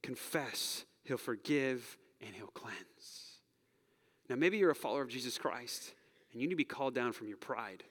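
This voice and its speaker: A man preaching and then praying in a church, earnest, rising to loud urging and dropping to soft whispers. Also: mid-range voice, moderate pace. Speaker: pastor. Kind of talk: sermon and closing prayer. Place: church sanctuary. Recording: long hall reverb.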